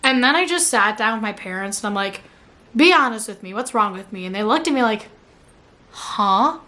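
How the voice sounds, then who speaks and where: Answering questions from viewers, a young woman vlogger talks fast and animated in a fairly high, pushed, bright voice. Her casual chat is full of "like," and she laughs at herself partway through sentences.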